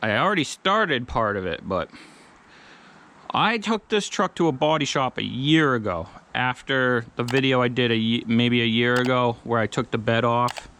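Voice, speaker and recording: Brief: casual male vlogger, mid-pitched, plain-spoken rant, swears freely. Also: moderate pace, fairly bright tone. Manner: blunt, profane, retells arguments with quoted dialogue. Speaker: truck build vlogger. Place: garage or shop.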